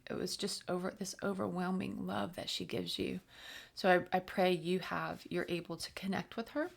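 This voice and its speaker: Laughing frequently, a tarot reader with a low voice and vocal fry rambles through a casual channeled reading. Every so often she drops into soft, whispered chants.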